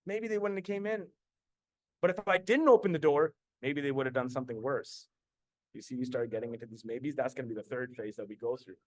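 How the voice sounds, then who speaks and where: Speaking briskly in a mid-range voice, this Canadian podcast host and business coach in his thirties recounts a personal story. He's intense and repetitive, cursing freely, and the recording is dry.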